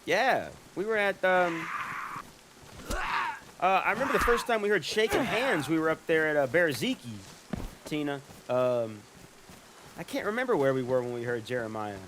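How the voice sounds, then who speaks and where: A man's voice: on the high side, big pitch swings, normal speed, pauses often, noisy background. A man chatting casually while live-streaming a game, rambling and swearing as he talks.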